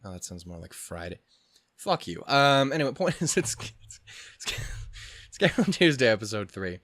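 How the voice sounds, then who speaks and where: A young man hosting an anime reaction channel rambles casually, swearing heavily and giggling in self-mocking laughter. His medium-pitched voice swings widely in pitch, with a moderate pace and fairly bright tone, recorded in clean studio sound without echo.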